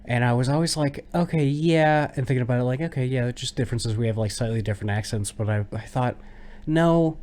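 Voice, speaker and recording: A man's voice: medium pitch, fairly even intonation, very fast, hardly any pauses, darkish tone. An American man co-hosting a casual podcast, musing in a self-deprecating, conversational way. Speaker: podcast co-host.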